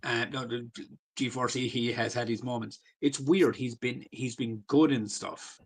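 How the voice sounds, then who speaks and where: A man's voice: mid-range voice, fairly even intonation, a little slow, slightly rough. A man, co-hosting a podcast in loose, sweary casual chat full of fillers. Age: 40s. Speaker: podcast co-host.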